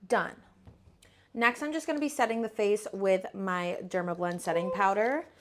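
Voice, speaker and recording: A woman's voice: mid-range voice, normal speed. Chatty young woman doing her makeup. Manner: chatty, self-deprecating, filler-heavy; playful, slangy. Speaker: makeup vlogger. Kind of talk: casual makeup tutorial chat. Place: home.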